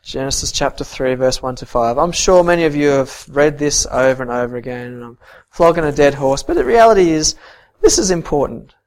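A man preaching a sermon and reading scripture, earnest, swinging from soft to emphatic. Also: mid-range voice, animated, a little fast, hardly any pauses.

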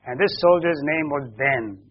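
A man, a pastor, telling a children's story during a service, slowly explaining and asking the children questions as he goes. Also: on the high side. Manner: slow and explanatory. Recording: dull lo-fi recording.

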